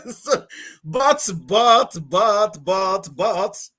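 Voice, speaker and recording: Guest, male, from Nigeria, high voice, rambling storyteller who restarts sentences and laughs a lot. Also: expressive, bright, forceful tone. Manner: halting, repeats words, laughs often. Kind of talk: casual storytelling conversation.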